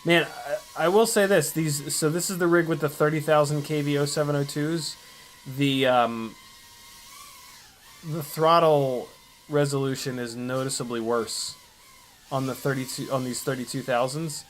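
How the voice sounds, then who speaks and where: A man's voice: fairly high pitch, fairly even intonation, a little slow, slight background noise. A man hosting a casual drone livestream, muttering in exasperation as he tinkers and reads chat aloud. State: still a bit sick. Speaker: FPV drone livestream host.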